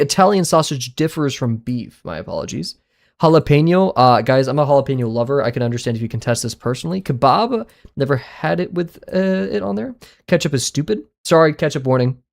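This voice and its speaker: A man streaming live, chatting casually and giving blunt, offhand verdicts, often with a quick apology. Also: a little high, creaky.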